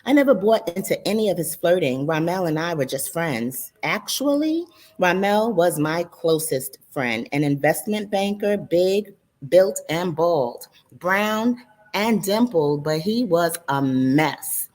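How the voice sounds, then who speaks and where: Animated woman narrating an audiobook. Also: on the low side, unhurried. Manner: animated, dramatic, sassy. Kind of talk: audiobook storytelling.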